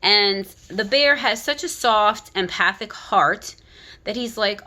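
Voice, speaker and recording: A woman giving an animated, critical retelling of a children's book, talking casually with frequent restarts. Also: mid-range voice, slow. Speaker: content creator.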